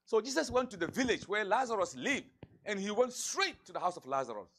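A man's voice: high voice, very animated, a little fast, a bit bright. A man, an imam, telling a story in a sermon and acting out the voices of the people in it. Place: mosque hall.

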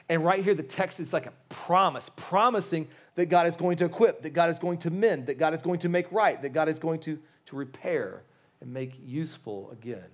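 A pastor in his thirties delivers a sermon with earnest emphasis, and his voice sits a little higher than most men's. He returns to key phrases again and again and often restarts his sentences as he drives a point home. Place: church sanctuary.

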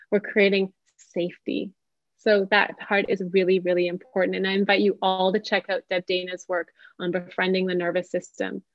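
A woman, a therapist, leading an online parenting workshop in a gentle, inviting way. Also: medium pitch, dry recording. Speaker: social worker and psychotherapist leading a workshop. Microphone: video call. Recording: dull dry video call audio.

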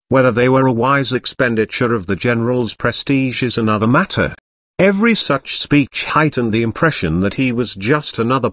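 A man reading a history audiobook aloud in a measured, even narration. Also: mid-range voice, no room sound, studio quality.

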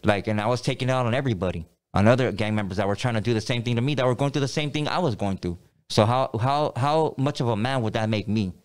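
A man's voice: mid-range voice, quick pace. A middle-aged man telling a story in a casual interview, rambling, repeating himself and using plenty of street slang. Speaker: podcast guest.

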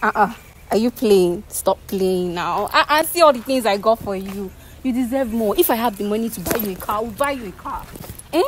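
A woman's voice: mid-range voice, lively intonation, fairly quick, slight background noise, low-quality recording. A woman in her twenties pleading emotionally with her boyfriend outdoors. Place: outdoors at a block-making yard.

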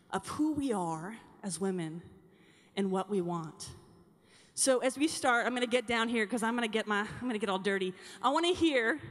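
A young adult woman speaking to a conference of teen girls in a bubbly, chatty way, calling out to the crowd. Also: on the high side. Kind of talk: energetic talk to teen girls. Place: large conference hall. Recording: long hall reverb.

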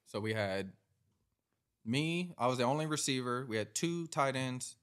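A man's voice: medium pitch, lively intonation, moderate pace, a bit bright, smooth. A man in his thirties, a podcast guest, telling a story in a loose, casual way with lots of filler words. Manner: laid-back, loose, filler-heavy delivery.

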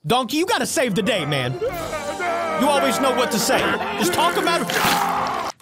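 A host commenting on a cartoon in an animated, incredulous way, often stopping to replay a scene. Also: sits high, normal speed. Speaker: reaction video host. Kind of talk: comedic cartoon reaction commentary. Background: music from the cartoon being watched.

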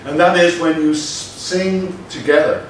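A male lecturer giving a university lecture, measured and explanatory, stressing his key points. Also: a little high, fairly even intonation. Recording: very echoey room from a distant mic with faint noise.

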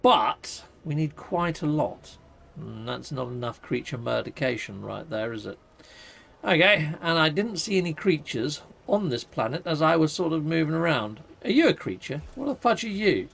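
A man streams his game with running commentary, swearing in playful minced oaths and calling his viewers people. His voice sits slightly high with a gravelly edge, and his pitch swings widely from line to line. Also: lively intonation, moderate pace, a bit bright. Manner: chatty, mock-swearing, addresses viewers as people. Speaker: gaming streamer.

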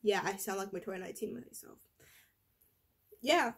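A teenage vlogger rambles through a casual vlog, her medium-pitched voice breathy at the edges and worn from being sick. She speaks at a moderate pace, full of fillers and restarts.

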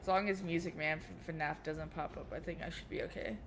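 A woman gaming streamer chatting casually and excitedly through a horror game playthrough. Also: sits low, a little fast, background noise. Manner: chatty, excitable, reacts aloud.

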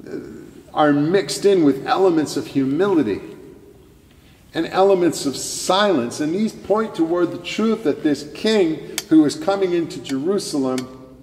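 A male pastor preaching a sermon in a church sanctuary, measured and emphatic, with dramatic pauses. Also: on the high side, animated, a little mellow, roomy sound, in a large hall.

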